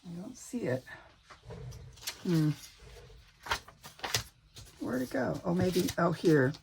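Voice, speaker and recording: A woman's voice: on the low side, very animated, takes it slowly, gravelly, noisy background. A woman chatting casually to viewers as she works on a craft project at home, talking to herself and sometimes dropping to a whisper. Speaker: crafting vlogger.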